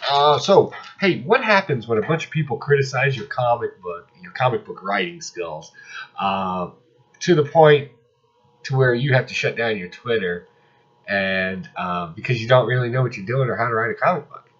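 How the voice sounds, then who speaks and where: A man's voice: mid-range voice, animated, normal speed, fairly bright tone, slightly rough. A man casually reviewing comic books, ranting sarcastically and exasperatedly about the ones he dislikes. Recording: slightly dull lo-fi audio.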